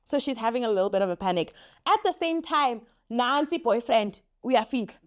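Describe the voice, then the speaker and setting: A young woman telling a story on her vlog in a lively, laughing way, acting out what people said. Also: a little high, a little fast. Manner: animated, laughing, acts out quotes. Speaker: vlogger. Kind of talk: casual story time.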